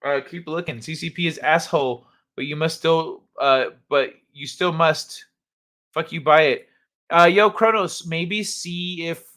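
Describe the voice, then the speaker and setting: Male streamer, relaxed and rambling, slightly high pitch. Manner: laid-back, hesitant, full of fillers. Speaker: livestream host. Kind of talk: casual chat with viewers.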